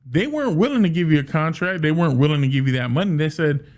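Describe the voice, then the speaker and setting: A man giving casual solo commentary as a sports fan, animated, often restarting and repeating words. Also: a little high, quick pace.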